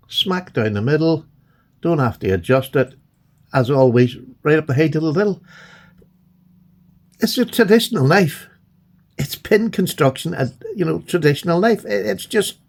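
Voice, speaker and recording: A gravelly, husky man, talking in an excitable, gushing way. He chats casually and warmly straight to the viewer, as though showing off a collection. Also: mid-range voice. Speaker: knife collector vlogger. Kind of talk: casual unboxing chat.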